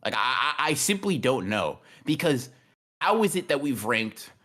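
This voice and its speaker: A man's voice: mid-range voice, big pitch swings, normal speed, sharp tone. A man co-hosting a podcast in a casual livestream chat, rambling and cursing, often repeating his words. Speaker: podcast co-host.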